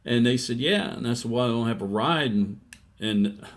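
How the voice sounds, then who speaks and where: A man in his sixties giving a plainspoken personal testimony, telling his story slowly and acting out the quotes. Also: mid-range voice, steady tone. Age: 60s. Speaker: testimony speaker.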